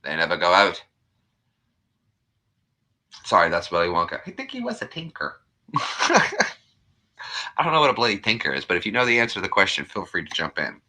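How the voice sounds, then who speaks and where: Man doing a fake scottish brogue, hammy, bright, lively, sing-song, slowed. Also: low voice, pitched below the performer's own voice, heavily acted. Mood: jolly. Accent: mock Scottish. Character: man faking a Scottish brogue, jolly and boastful.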